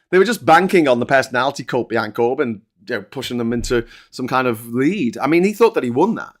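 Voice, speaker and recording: A man's voice: mid-range voice, a bit bright. A man, hosting a casual live-stream chat, ranting and joking with lots of swearing. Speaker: host.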